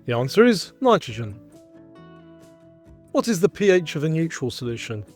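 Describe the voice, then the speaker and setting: Guy hosting a quiz, kinda high voice, reads the choices out nice and clear, soft music underneath. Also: big pitch swings. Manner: reads questions and answer choices in a clear, measured way. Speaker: quiz host. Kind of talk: scripted quiz show presenting.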